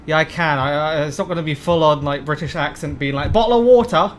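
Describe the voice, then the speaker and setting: A man's voice: on the high side, little pitch movement, brisk, fairly bright tone, a little hiss or hum. A man streaming a bus-driving game, chatting casually and rambling as he answers viewer questions. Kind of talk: casual live-stream commentary.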